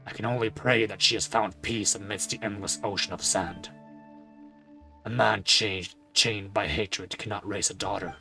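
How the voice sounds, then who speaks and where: A man's voice: lowish voice, fairly even intonation, gravelly, pushed and bright, faint music behind, voice pushed down. A man voicing a brooding grave desert father. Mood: solemn. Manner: slow, solemn, heavy.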